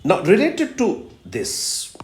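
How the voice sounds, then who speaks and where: With a high voice whose pitch swoops wildly, a male literature professor gives an unhurried recorded video lecture. He explains step by step, repeats key terms, and uses frequent "uh" fillers, all in a room with a roomy echo.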